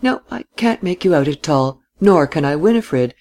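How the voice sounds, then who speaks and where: A lively young widow teases in crisp, high, distinct tones, as a male reader puts her on. She talks briskly with a mocking edge throughout this storybook telling. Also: lightly acted. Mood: teasing.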